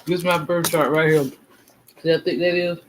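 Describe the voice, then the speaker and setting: Man host, fairly high voice, loose rambling chat with faint hiss behind, sure of himself. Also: flat delivery, a little fast. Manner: rambling, emphatic, self-assured, repeats himself. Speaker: channel host. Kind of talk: casual livestream talk.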